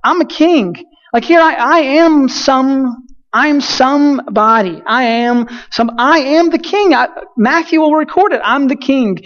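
A man's voice: very high voice, measured pace, a bit bright, in a large hall, lo-fi sound, voice pushed up. A man voicing an indignant, self-important adult king who insists on his own importance. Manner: whiny, insistent, repeating himself.

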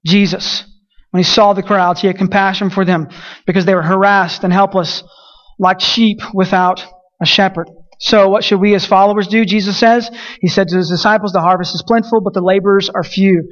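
A man's voice: high voice, fairly even intonation, fairly quick, a bit bright, dull audio. A man preaching a sermon as pastor, emphatic and repetitive, with frequent restarts.

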